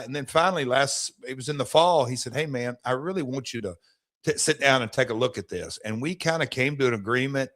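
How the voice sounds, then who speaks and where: A middle-aged man from Nashville talks as a guest on sports radio, at a medium pitch. He speaks like a promoter, enthusiastic and full of stories, often restarting his sentences. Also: fairly bright tone. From Nashville, Tennessee. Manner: enthusiastic storyteller, promoter's patter, frequent restarts. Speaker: guest, wrestling promoter and team partner. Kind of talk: radio sports talk interview.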